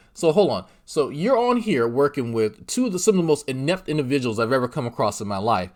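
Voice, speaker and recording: A middle-aged man hosting a commentary channel, mocking and ranting in a crude, sarcastic way. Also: medium pitch.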